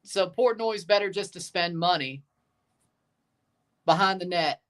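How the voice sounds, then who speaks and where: Woman streamer reacting live to a hockey game; slow, easygoing commentary that spikes into shouts on goals. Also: on the low side. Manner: relaxed play-by-play that erupts into shouting on goals; answers chat questions between plays. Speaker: livestream host.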